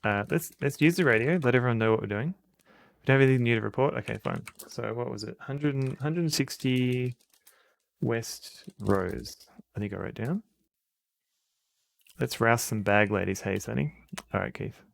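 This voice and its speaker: A man's voice: medium pitch, moderate pace, gravelly. A man streaming a retro game, giving wry, chuckling commentary and reading the game text aloud.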